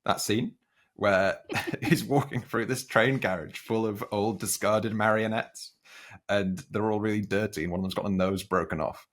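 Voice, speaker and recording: A man's voice: on the low side, fairly even intonation, moderate pace, a bit bright. A man in his twenties hosting a casual film chat, telling rambling stories and correcting himself. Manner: rambling, self-correcting storyteller. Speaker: film podcast host.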